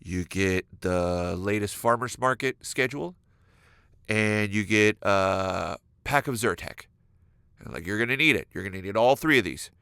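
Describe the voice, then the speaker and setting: A man hosting a solo comedic podcast, acting out imagined conversations with exaggerated, animated delivery. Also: lowish voice, unhurried, creaky, clean tone, no echo, studio quality. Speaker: podcast host. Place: California.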